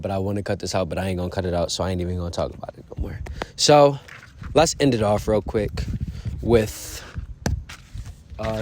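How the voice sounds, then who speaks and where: A man's voice: on the low side, a little mellow, a little hiss or hum. A man vlogging in a casual, earnest, motivational way, with loose slang and frequent asides to the viewer. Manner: loose slangy delivery, says "bro" and "you feel me" often; earnest, encouraging. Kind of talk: casual motivational self-talk.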